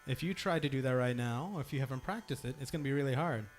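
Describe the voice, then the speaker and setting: A young man of medium pitch talks fast over soft background music. Leading the singing in a temple hall, he instructs the congregation on practicing long notes, demonstrating and encouraging as he goes.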